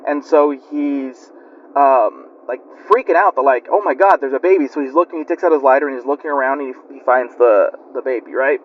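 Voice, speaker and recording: A man's voice: medium pitch, normal speed, a little hiss or hum. A man telling a spooky story in a rambling, chatty way with lots of fillers. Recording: lo-fi muffled recording.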